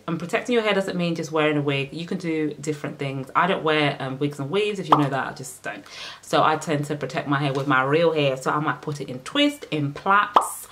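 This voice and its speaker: Sassy low-voiced Caribbean woman vlogging. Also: a little hiss or hum. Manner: sassy and playful, preaching tips with shouted exclamations. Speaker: hair care vlogger. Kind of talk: casual advice vlog.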